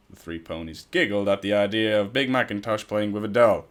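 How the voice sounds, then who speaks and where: A man with a voice on the low side reads a fan story aloud casually, briskly and with few pauses. He stumbles over words and breaks off into profane, self-mocking asides.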